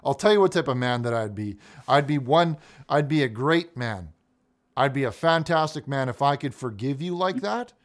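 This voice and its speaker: A man's voice: mid-range voice, lively intonation, normal speed. A man hosting a comedic call-in show, blustery and mocking, often parroting his caller. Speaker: host.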